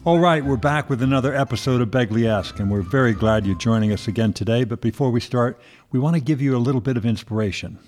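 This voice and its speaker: Man, co-host of a chat podcast, mid-pitched voice, jokey and relaxed, faint music underneath. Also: fast.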